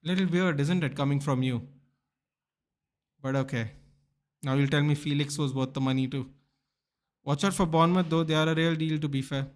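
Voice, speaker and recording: Young male streamer, casual banter with chat, voice a touch high. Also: moderate pace, pauses often. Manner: chatty, bantering, addresses viewers by name. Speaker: football watchalong streamer. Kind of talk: casual live-stream chat reading viewer comments.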